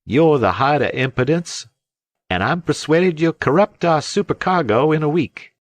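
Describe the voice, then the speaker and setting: A man voicing a boisterous sailor in an audiobook, loud and blustering. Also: fairly high pitch, expressive, normal speed, no echo, voice pushed up, lightly acted. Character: boisterous roaring sailor on a fishing schooner.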